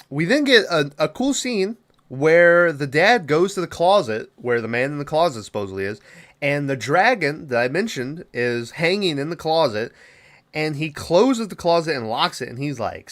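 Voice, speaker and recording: A young man hosting a podcast, retelling a horror film's plot in a loose, profane way with quick quoted asides. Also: a little high, very animated, fairly bright tone. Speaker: podcast host. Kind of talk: casual movie recap.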